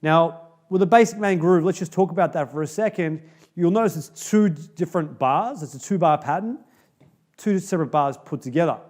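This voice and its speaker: A man's voice: a little high, a little fast, darkish tone. A man teaching a drum beat in a casual video lesson, upbeat and chatty, often checking in with "okay?".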